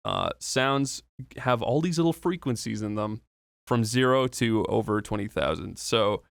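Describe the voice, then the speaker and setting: A man's voice: fairly low pitch, very animated, unhurried, creaky, clear, resonant tone, no room sound, studio quality. A man talking through an audio tutorial in a loose, casual way, explaining each step with fillers and the odd swear.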